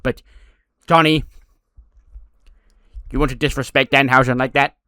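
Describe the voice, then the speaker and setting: A man's voice: medium pitch, fairly even intonation, a little slow, bright, forceful tone, dry recording, studio quality. A man voicing an odd, cheerful male wrestler with a demonic gimmick who talks about himself in the third person. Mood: menacing.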